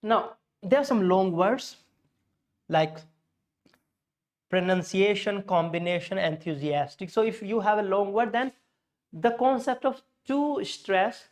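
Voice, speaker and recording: A man with an Indian English accent teaching pronunciation, patiently repeating words slowly to show where the stress falls. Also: high voice, animated. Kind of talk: classroom lesson on word stress.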